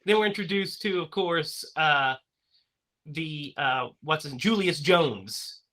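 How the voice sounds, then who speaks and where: A man hosts a relaxed movie-review podcast, his voice sitting a little high with a bright, forward edge. He talks in loose, rambling runs, stumbling over restarts and fillers. He laughs easily between points. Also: slow. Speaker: podcast host. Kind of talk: casual movie-review chat.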